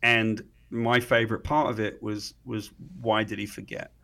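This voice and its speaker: Fairly low and creaky, this British man's voice moves at a moderate pace. He's a comic writer guest in an interview, casually and animatedly telling a story and performing the dialogue he quotes.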